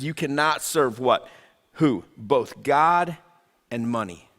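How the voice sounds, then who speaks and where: A man's voice: mid-range voice, measured pace, a bit bright, big-room sound. A man in his thirties preaching a sermon in a conversational way, repeating phrases and acting out imagined voices. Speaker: pastor.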